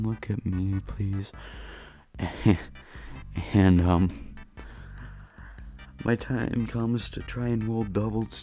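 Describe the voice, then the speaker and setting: Low, slow-talking man telling a story. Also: gravelly, warm tone. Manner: rambling, self-deprecating storytelling. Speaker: gaming channel host. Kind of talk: storytime voice-over. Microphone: voice-over recorded late at night.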